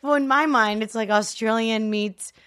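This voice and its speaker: A woman in her thirties, an actress guest on a podcast, chatting in a bubbly, excitable way and laughing often. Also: fairly high pitch, normal speed, clear, resonant tone, no echo, studio quality. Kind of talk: casual podcast chat.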